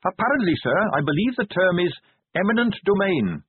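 A man's voice: high-pitched, big pitch swings, a little fast, slightly rough, dry recording, pitched above the performer's own voice, heavily acted. A man voicing an earnest, polite young male watch captain who speaks eagerly and helpfully. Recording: tinny phone-like band.

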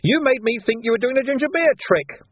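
Brief: a man putting on a squealing, cowardly petty crook, high-pitched and stammering; tinny, dry audiobook sound. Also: expressive, a little fast, breathy edge, dry recording, full character voice. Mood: whining. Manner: panicky, pleading, stammering. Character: frightened squeaky small-time male crook. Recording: dry phone-like narrow sound.

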